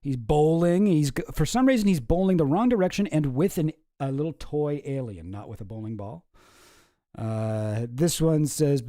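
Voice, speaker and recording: A man talks through a casual comedic commentary, rambling and wry, often stopping himself mid-sentence. His voice sits a little higher than most men's but sounds soft and mellow. The recording is dry and close, with no room sound. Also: lively intonation, moderate pace, no echo. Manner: rambling, self-interrupting, wry. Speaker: YouTube commentary host.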